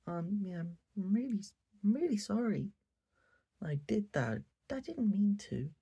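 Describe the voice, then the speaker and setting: A man voicing an insincere teenage schoolgirl in a mocking, high, squeaky impression. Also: big pitch swings, fairly quick, mellow, slightly rough, lo-fi sound, full character voice. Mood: flippant.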